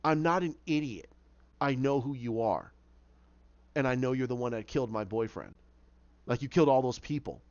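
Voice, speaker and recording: A man's voice: medium pitch, a little mellow, clear, resonant tone, dry recording, voice pushed down, close to an everyday voice. A defiant young woman, as a man puts her on. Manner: firm, confrontational, slow and pointed. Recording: dull lo-fi dry recording.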